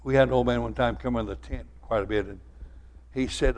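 Folksy older preacher. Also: male voice, medium pitch, steady tone, fairly quick. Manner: folksy storytelling preacher, swings from loud to soft. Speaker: pastor. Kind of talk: sermon.

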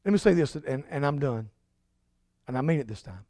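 A man preaching a sermon as pastor, emphatic, swinging from loud declarations to hushed lines. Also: mid-range voice, expressive, brisk, no room sound.

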